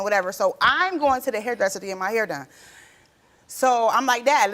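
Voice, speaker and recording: A woman in her thirties, a talk show guest telling her side of a family dispute in animated, colloquial speech. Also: on the high side. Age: 30s. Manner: animated, acts out quoted voices; colloquial, repeats herself. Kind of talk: emotional testimony.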